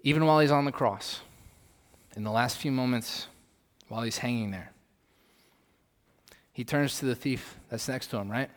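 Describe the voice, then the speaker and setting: A male pastor delivering a sermon, posing rhetorical questions and swinging from loud emphasis to soft asides, in a long hall reverb. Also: mid-range voice, normal speed, long pauses.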